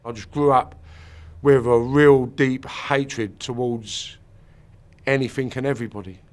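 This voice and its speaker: A man's voice: mid-range voice, fairly even intonation, unhurried, darkish tone. A man giving an interview, telling a hard personal story in a raw, emotional way.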